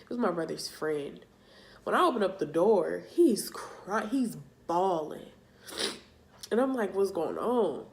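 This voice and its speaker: A young woman telling a personal story for her vlog, halting and emotional, with casual slang. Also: lowish voice, lively intonation, creaky, slight background noise. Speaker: vlogger.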